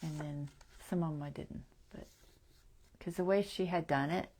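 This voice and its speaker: A woman hosting a crafting livestream, chatting as she works, thinking aloud, often trailing off softly and laughing at herself. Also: deep voice, moderate pace. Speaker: craft channel host. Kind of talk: casual crafting livestream chat.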